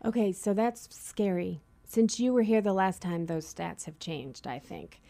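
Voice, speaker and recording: A woman's voice: mid-range voice, measured pace, gravelly, warm tone. A woman with a Boston accent hosting a radio interview show in a friendly, chatty way.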